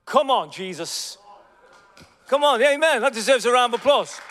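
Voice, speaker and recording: Preacher guy, 40s, high voice, big echoey hall, goes quiet then loud. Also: fast, clean tone. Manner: animated, swings from hushed asides to loud exclamations. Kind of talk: storytelling sermon.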